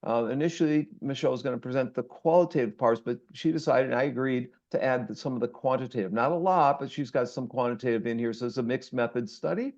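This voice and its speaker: A man leads an online class, introducing a guest in a loose, rambling way that is full of fillers and restarts. His voice sits at a middling pitch. The sound comes over a video call and is dull and lo-fi. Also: quick pace, few pauses, darkish tone. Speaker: course instructor and host. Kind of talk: casual online class talk.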